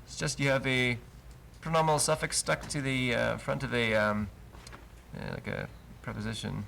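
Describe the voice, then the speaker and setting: A man's voice: mid-range voice, steady tone, moderate pace, vocal fry, sharp tone, a little hiss or hum. A man teaching a live class, patient and explaining step by step with many fillers. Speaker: Hebrew teacher. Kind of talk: live Bible language class. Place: congregation classroom.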